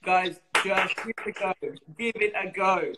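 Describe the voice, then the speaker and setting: A man's voice: high voice, steady tone, normal speed, pushed and bright, slight background noise. A man teaching a dance routine over a video call, counting beats and scatting the steps. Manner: counts steps aloud with sung syllables. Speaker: dance instructor. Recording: very echoey room.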